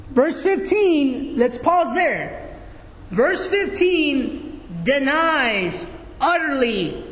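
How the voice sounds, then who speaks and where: A man preaching a sermon, asking the congregation questions as he reads and explains scripture. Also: extremely high pitch. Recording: echoey hall.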